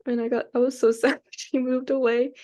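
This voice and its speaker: A woman's voice: high-pitched, level tone, fairly quick, warm tone. A young woman co-hosting a podcast, chatting casually in a rambling way with many restarts. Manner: rambling, full of restarts and fillers. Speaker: podcast co-host. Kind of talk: casual chat.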